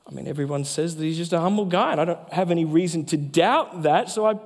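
A man, a pastor, preaching a sermon with emphatic delivery that slows down for key phrases. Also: on the high side. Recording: long hall reverb.

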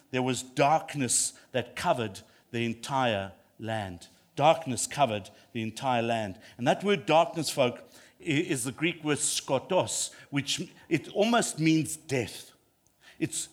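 A man's voice: on the high side, a bit bright. A man preaching a sermon, emphatic and repeating lines for effect, rising to passionate peaks.

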